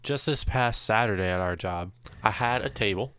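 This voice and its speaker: A man's voice: on the low side, normal speed, a bit bright, clear, resonant tone, dry recording. A young man telling stories on a podcast, laughing often and filling his talk with "like". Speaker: podcast co-host. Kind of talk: casual storytelling chat.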